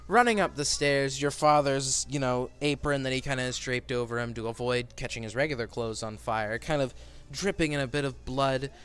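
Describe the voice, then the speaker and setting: A man's voice: mid-range voice, moderate pace, fairly bright tone, clean tone. A man narrating a tabletop game as game master in a loose, rambling way. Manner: loose, rambling, lots of fillers and restarts.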